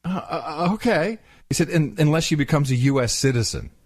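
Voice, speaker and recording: Guy co-hosting a podcast, chatty, pitch all over the place, does mocking voices for people, dry sound. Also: brisk, dry recording. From Netherlands. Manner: animated, acts out quotes in mocking voices. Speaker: podcast co-host. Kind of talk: casual conversational storytelling.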